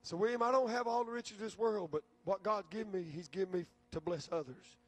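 A man with a notably high speaking voice preaches as pastor, slipping into folksy stories. He repeats words and restarts his phrases as he builds his point. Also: brisk. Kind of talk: sermon.

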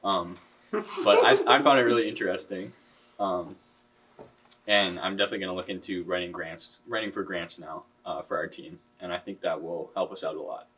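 A teenage boy speaking as a podcast guest in casual chat, with a monotone delivery. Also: low-pitched, moderate pace, slightly rough, far from the mic. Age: teens. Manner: self-described monotone.

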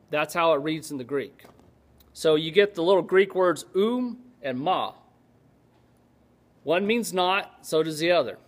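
A man preaches a Bible lesson in an easy, talkative way. His voice sits a little high for a man. He wanders off on asides and keeps checking that the congregation is with him. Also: animated, unhurried, pauses often. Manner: conversational, digressive, checks in with the congregation. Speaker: pastor. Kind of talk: Bible teaching sermon.

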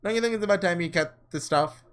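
A man's voice: high voice, fast, a bit bright, smooth. A man voicing a scornful young man from the slums, speaking in a slangy, mocking drawl.

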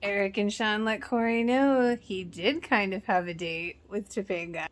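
A woman's voice: mid-range voice, normal speed, slight background noise. A woman casually recapping a sitcom episode in a chatty, giggly way, often acting out the characters' lines. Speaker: reaction channel host.

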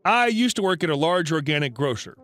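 A man reading a written story aloud as a narrator, with even, read-aloud delivery. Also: on the high side, fairly quick, no echo. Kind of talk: scripted narration. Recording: dry close voice with faint music.

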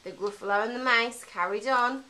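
A woman's voice: fairly high pitch, moderate pace, bright, forceful tone, poor audio. A woman teacher telling a children's story simply and animatedly, with lots of character voices.

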